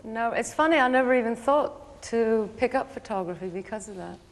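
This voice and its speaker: A woman guesting on a television chat show, answering in a relaxed, easygoing way. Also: a little high, brisk. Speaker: guest photographer. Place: television studio. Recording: studio reverb.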